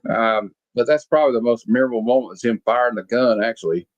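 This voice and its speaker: Over a video call with the highs cut off, a fast-talking man with a mid-range voice rambles through a casual podcast movie review, full of fillers and false starts.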